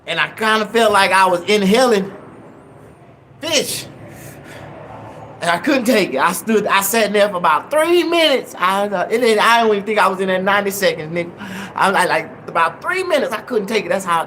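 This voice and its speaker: Guy with a high voice ranting a crude funny story, all over the place, lil bit of hiss. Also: normal speed. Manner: animated, loud, profane. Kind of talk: profane comedic storytelling.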